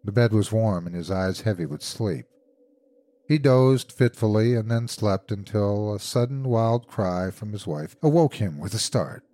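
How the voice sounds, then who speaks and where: A man narrating a classic horror story in a measured, grave way as host. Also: lowish voice, lively intonation, warm tone, no echo. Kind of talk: scripted narration.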